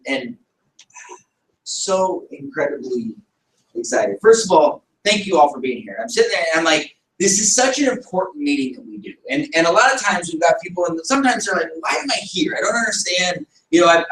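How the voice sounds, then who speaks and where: High-voiced man giving an energetic pep talk. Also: brisk, a little hiss or hum. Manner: energetic, rhetorical questions, acts out little scenes. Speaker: speaker at a group meeting. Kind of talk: motivational talk to a live audience. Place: meeting room. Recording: echoey room, distant mic.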